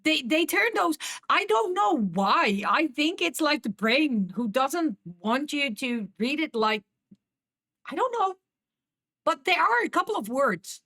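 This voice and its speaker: A woman's voice: sits high, big pitch swings, unhurried, pushed and bright. A woman with a Dutch accent chatting casually with viewers on a live stream, laughing often and repeating herself as she talks.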